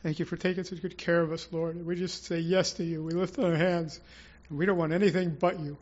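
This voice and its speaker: A man's voice: fairly high pitch, flat delivery, brisk, a little mellow, highs cut off. A man preaching an informal, rambling sermon to his congregation, with prayerful asides and restarts. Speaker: church speaker.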